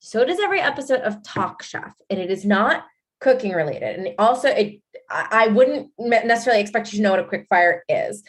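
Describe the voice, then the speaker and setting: Young woman co-host, teasing and jokey, mid-range voice, quick bursts. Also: mid-range voice, lively intonation. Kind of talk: casual podcast chat.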